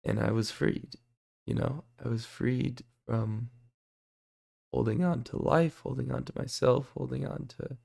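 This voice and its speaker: Young man, mid pitch, very gravelly, hoarse, earnest testimony storyteller. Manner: earnest, excitable storytelling with fillers. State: voice going hoarse. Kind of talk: personal faith testimony.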